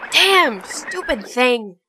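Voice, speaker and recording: A woman voicing a spirited young female crime-fighter in an amateur audio drama, speaking in an animated, exclamatory way. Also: fairly high pitch, moderate pace, noisy background.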